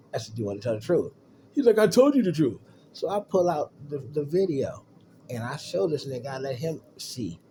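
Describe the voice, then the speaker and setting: Mellow-voiced man telling a story. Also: a little high, slight background noise. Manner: animated, profane and slangy, acts out quotes. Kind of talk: casual storytime.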